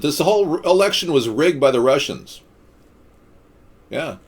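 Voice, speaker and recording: Lively rambling man on a live stream. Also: on the high side, normal speed, pauses often, husky. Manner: rambling, deadpan-joking, rants and quips. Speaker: livestream host. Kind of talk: casual live-stream chat answering viewer comments.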